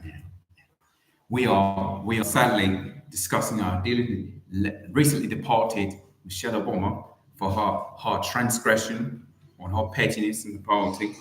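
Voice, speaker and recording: A man hosting his own channel, delivering a rambling satirical rant with theatrical swoops in pitch and words repeated over and over. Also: a bit bright, roomy sound, a little hiss or hum, low-quality recording. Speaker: YouTube channel host.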